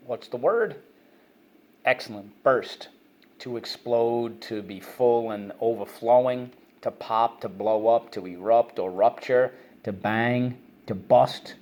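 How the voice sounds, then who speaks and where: On the low side with a darkish tone, a man's voice carries an online reading lesson for kids. Brisk and repetitive, he drills phonics and vocabulary words, nudges the children to respond, and praises them.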